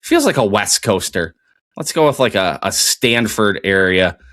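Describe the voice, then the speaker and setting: A man's voice: fairly low pitch, very animated, measured pace, a bit bright, dry recording. A man hosting a casual solo podcast, muttering guesses through a quiz and then rambling through a TV recap with lots of fillers. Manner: thinks aloud while playing a geography quiz, muttering guesses. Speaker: podcast host.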